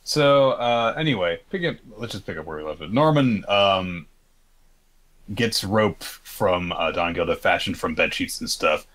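Casual male podcast co-host, very low voice, rambling filler-heavy retelling. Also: expressive, a little slow, fairly bright tone. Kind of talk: casual recap chat.

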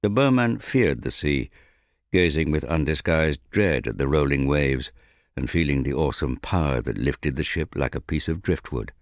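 Very deep-voiced male narrator. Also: dry recording, studio quality. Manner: measured, even storytelling. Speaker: audiobook narrator. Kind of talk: scripted fantasy narration.

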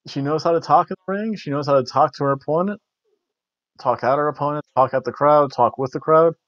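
This wrestling review podcast host has a voice on the high side with a fairly bright tone, and he talks fairly quickly. His casual ramble is packed with jokes and frequent restarts, captured in a dull, dry, lo-fi recording without room sound.

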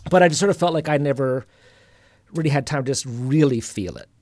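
Middle-aged male host; gentle, reflective storyteller, mid-range voice, dry and close. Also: medium pitch, a little fast, no room sound. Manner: reflective, soft-spoken, full of restarts. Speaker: podcast host and singer-songwriter. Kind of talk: casual storytelling conversation.

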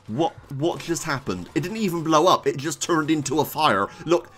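A gaming YouTuber giving let's-play commentary, muttering one moment and yelling the next. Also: medium pitch, normal speed, few pauses, slightly rough. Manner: excitable, swings from muttering to yelling.

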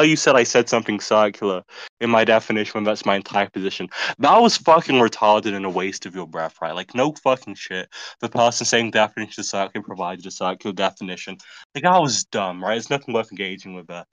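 A man's voice: on the low side, a bit bright, dry recording, poor audio. A man arguing in a heated online voice-chat debate, combative, profane and dismissive.

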